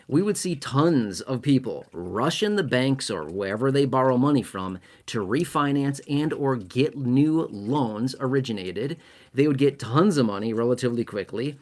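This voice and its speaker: A man giving casual money commentary to camera, emphatic and self-mocking, stacking up repeated words for stress. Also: medium pitch. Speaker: finance commentator.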